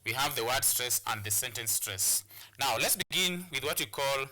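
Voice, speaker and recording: Kenyan guy teaching on tv, very bright voice, lots of uh and repeats. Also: medium pitch, expressive, normal speed. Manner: repetitive, hesitant with many fillers. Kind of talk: televised classroom lesson.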